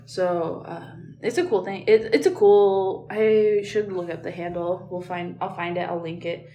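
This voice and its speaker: Groggy hoarse woman chatting on a podcast, lots of ums and restarts, lowish voice. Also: steady tone, a little slow, dark tone. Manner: rambling with many fillers and restarts. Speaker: podcast co-host. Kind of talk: casual chat. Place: tiled hotel room. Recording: echoey tiled room.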